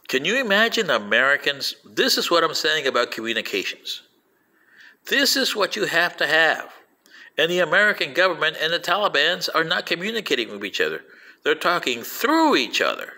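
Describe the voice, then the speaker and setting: An older man rambling through a personal anecdote, acting out quoted voices with lively storytelling. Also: on the high side, normal speed, creaky. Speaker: vlogger playing an alien commentator.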